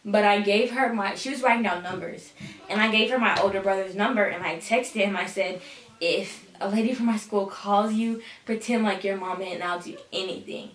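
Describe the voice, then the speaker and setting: A woman's voice: mid-range voice, moderate pace, fairly bright tone, distant mic. Sassy teen girl telling a story. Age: teens. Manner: sassy, dramatic, says "honey". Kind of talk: casual storytime vlog. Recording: echoey room, voice a bit off-mic.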